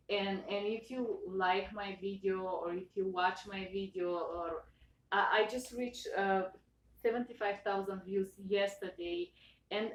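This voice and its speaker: A woman speaking English with an accent, earnestly thanking her viewers, halting and emotional with many restarts. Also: medium pitch. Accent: non-native English accent. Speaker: channel owner. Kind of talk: personal thank-you talk to viewers. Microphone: own camera. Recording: roomy echo, voice far from mic.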